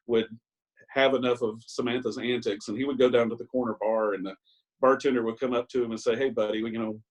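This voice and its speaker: Husky older man sharing his story. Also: mid-range voice, steady tone, a little fast, low-quality recording. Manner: candid, self-mocking storytelling with hesitant ums. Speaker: Al-Anon speaker. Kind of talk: personal recovery share. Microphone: video call.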